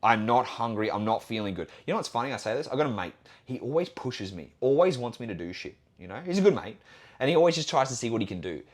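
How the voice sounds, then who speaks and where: A man's voice: mid-range voice, big pitch swings, fast talker, darkish tone, slightly rough. A young Australian man hosting a solo podcast as a fitness trainer, talking bluntly and assertively with plenty of swearing.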